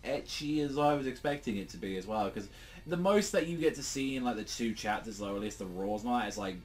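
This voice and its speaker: A young British man chats loosely about a comic chapter, his voice in an ordinary middle register. He rambles through fillers, swears freely and suddenly pops into animated quoted lines. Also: mid-range voice, fast talker. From Britain. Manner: rambling, lots of fillers and swearing, acts out quotes in jumpy bursts. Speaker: manga reviewer. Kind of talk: casual solo review chat.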